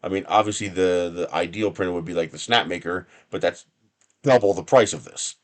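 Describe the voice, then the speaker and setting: Low-voiced man chatting on a live stream. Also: a little fast. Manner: rambling, chuckling, sarcastic asides. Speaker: livestream host. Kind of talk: casual live-stream chat. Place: home workshop at a lab bench.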